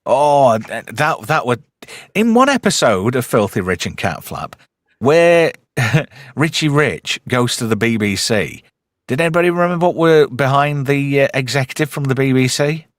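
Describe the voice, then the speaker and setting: A man's voice: mid-range voice, normal speed, dry recording, clean studio sound. A man hosting a casual chat, jokey and swearing freely. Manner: animated, swearing, jokey banter. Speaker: host.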